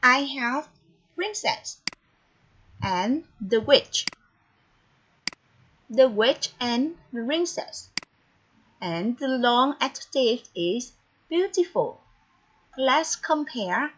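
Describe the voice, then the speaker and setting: Encouraging woman English teacher, high voice and slow, deliberate delivery. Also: expressive. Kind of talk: online English lesson. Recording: dull, lo-fi recording with faint noise.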